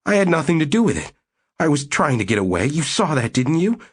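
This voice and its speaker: A man's voice: a little high, sing-song, a little fast, breathy edge, voice pushed up. A man voicing a panicked husband who pleads in a plaintive, whining tone. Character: whiny panicked middle-aged husband.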